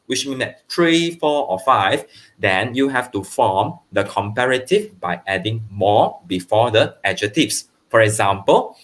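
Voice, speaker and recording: A man teaching primary school grammar online, explaining slowly and checking understanding with "okay", with brief bits of Mandarin. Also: lowish voice, fairly bright tone. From Malaysia. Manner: switches into Mandarin for translations.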